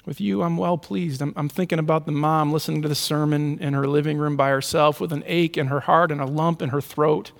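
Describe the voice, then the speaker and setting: A man preaching a sermon as pastor, earnest, often dropping his voice very low and soft for tender lines. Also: little pitch movement, fairly quick, vocal fry, hardly any pauses, big-room sound.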